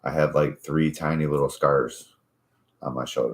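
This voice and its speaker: A man's voice: rumbling low, steady tone, normal speed. A man in his forties, a podcast host, telling stories in casual, profane chat. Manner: profane, easygoing storytelling.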